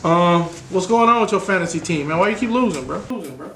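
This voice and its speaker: A man hosting a podcast, a casual sports chat full of loud, joking trash talk. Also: sits high, animated, quick pace. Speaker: podcast host. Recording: echoey room with faint noise.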